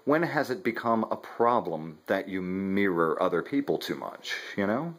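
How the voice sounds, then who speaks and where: A man's voice: low voice, lively intonation, moderate pace. A man hosting a casual discussion, talking in a conversational, joking and explanatory way. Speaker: host.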